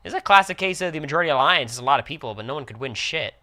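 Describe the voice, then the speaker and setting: A young man giving casual, reactive play-by-play commentary on a live stream. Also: fairly high pitch. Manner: quick, reactive play-by-play with excited outbursts.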